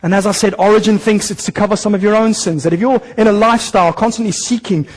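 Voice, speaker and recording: A male pastor delivering a sermon in a high, lively voice. He preaches animated and direct, slipping into short acted-out voices to make his points. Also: quick pace, long reverb tail, poor audio. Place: church hall.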